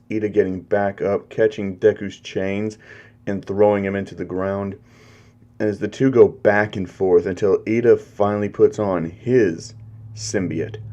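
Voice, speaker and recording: A young man spins a fan story in a loose, rambling way, swearing here and there. His voice is low and mellow. He takes his time. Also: highs cut off. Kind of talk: casual fan story narration.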